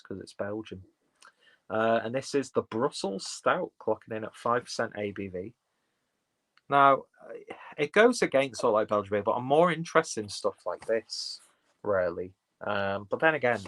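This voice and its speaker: A man with a fairly low voice chats in a loose, rambling way, full of fillers and restarts. The sound is close and dry, with little room around it. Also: a bit bright, no room sound. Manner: rambling, filler-heavy, chatty. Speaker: beer vlogger reading live chat. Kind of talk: casual live-stream chat.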